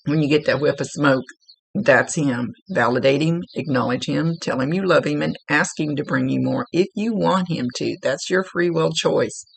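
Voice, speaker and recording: A woman's voice: deep voice, moderate pace, gravelly, breathy edge, dry recording. A woman working as a psychic medium, giving a spirit reading to a client in a rambling way, searching for words and restarting her sentences.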